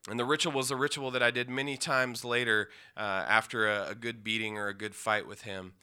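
A man from the Pacific Northwest telling an emotional personal story, intense, with pauses and restarts. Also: mid-range voice, fairly even intonation, pushed and bright, clean tone. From Yakima, Washington, USA.

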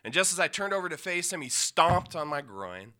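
A man from the Pacific Northwest telling an emotional personal story, intense, with pauses and restarts. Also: a little high, sing-song, bright, forceful tone. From Yakima, Washington, USA.

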